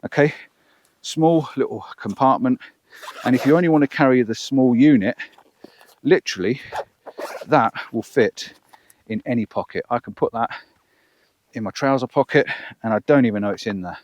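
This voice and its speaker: A man's voice: mid-range voice, normal speed, pauses often, darkish tone, lo-fi sound. Chatty man vlogging outdoors. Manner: chatty, self-deprecating, counting aloud. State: out of breath. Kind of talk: outdoor microphone range test vlog. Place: open hillside field with sheep, outdoors. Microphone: wireless lapel mic clipped on, far from camera.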